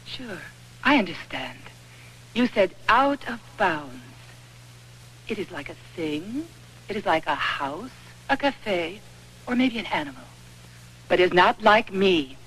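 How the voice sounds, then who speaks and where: A woman's voice: mid-range voice, big pitch swings, slow, pauses often, fairly bright tone, husky, full character voice, poor audio. An actress playing a proud young Italian woman who speaks broken English with an Italian accent, defiant in a film drama. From Italy. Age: young adult.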